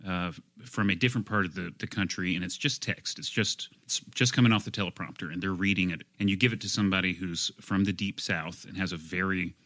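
A man on a casual podcast explaining his point in a thoughtful, measured way. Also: low voice, fairly even intonation, bright, forceful tone. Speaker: podcast co-host.

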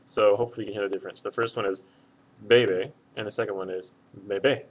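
Low-voiced man teaching a casual lesson. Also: fast talker. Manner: relaxed, with many filler words. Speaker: Spanish teacher. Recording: dull lo-fi sound.

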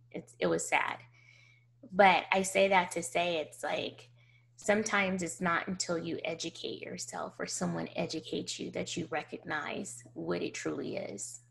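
A woman hosting a personal storytelling vlog, animated and acting out the dialogue as she tells it. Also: fairly low pitch, vocal fry. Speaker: host.

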